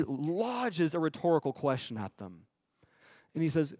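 A male preacher giving a sermon in a conversational style, often asking the audience "right?" and slowing down for emphasis. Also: a little high, very animated, darkish tone, no room sound, studio quality. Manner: conversational, with tag questions and emphatic slowdowns.

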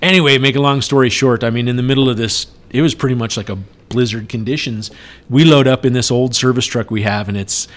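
A man's voice: mid-range voice, quick pace. Middle-aged man telling a wild story. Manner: animated, acts out yelled quotes. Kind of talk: casual storytelling chat.

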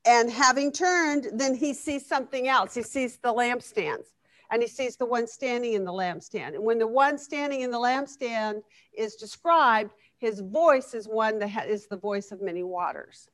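A woman's voice: a little high, normal speed, no room sound. A woman teaching a Bible study class in a conversational way, often asking the group questions. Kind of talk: interactive Bible lesson.

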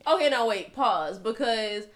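A high-voiced woman chatting casually among friends. She is playful and open about herself, and she jumps in quickly with reactions. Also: expressive, fairly bright tone. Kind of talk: casual chat.

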